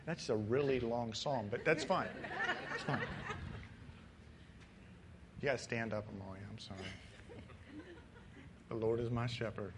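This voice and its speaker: A man's voice: mid-range voice, unhurried, pauses often. A man leading a church service as pastor, joking as he passes the microphone around the congregation. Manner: joking, relaxed. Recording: congregation and room noise behind.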